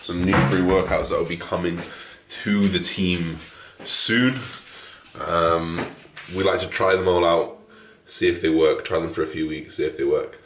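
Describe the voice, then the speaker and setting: Brief: male fitness vlogger, very deep and a touch raspy, frank and casual, echoey room. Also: steady tone, a little slow, a little hiss or hum. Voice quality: deep, a little raspy from waking. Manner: frank and chatty, swears casually. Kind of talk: casual vlog chat. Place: at home just after waking, echoey room.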